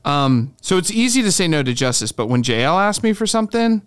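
A man's voice: on the high side, sing-song, a little fast, clear, resonant tone, no echo. A man hosting a podcast in a studio, chatting casually and playfully, telling stories with little acted quotes. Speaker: podcast host. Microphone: studio microphone.

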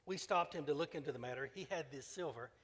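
A matter-of-fact policeman reporting what happened, as read by a man. The voice sits slightly high. It echoes in a long reverberant hall. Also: quick pace, a little hiss or hum, natural voice. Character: plain-spoken male policeman reporting an arrest.

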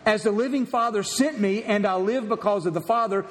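A man's voice: high voice, fairly quick, long reverb tail. A man preaching a sermon as pastor, emphatic and repeating key phrases for emphasis.

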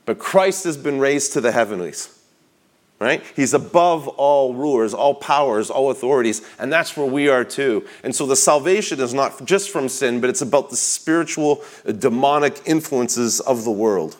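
A male preacher at an ordinary middle pitch, teaching a congregation with earnest conviction. He slows down and leans on key words when reading scripture and quotations, with small restarts between thoughts. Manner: earnest teaching, reads scripture and quotes with slow emphasis; slight restarts and repeated words. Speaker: pastor. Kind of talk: sermon.

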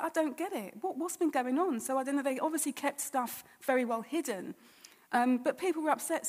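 A woman with a high voice tells her own story as a church testimony. She speaks conversationally and slips into re-enacting what she thought and said back then. Her voice rings with a long reverb, as if from a large hall. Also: darkish tone. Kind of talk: personal testimony told as a story.

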